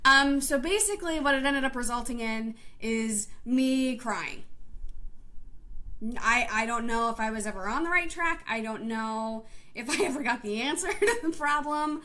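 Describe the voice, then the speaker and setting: A woman's voice: a little high, expressive, moderate pace, a bit bright. A woman in her twenties, a teacher, telling a personal story in a vlog and talking emotionally, close to tears. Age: 20s. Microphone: live stream camera.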